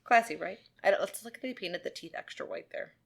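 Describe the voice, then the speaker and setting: A woman co-hosting a podcast in casual, rambling chat, giggly and high on edibles. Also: fast, creaky, a bit bright. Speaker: podcast co-host.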